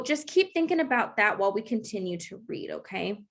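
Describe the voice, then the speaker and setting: A woman's voice: mid-range voice, very animated, brisk. A young woman teaching an online class, encouraging and checking in often with her students. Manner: encouraging, checks in with frequent okays.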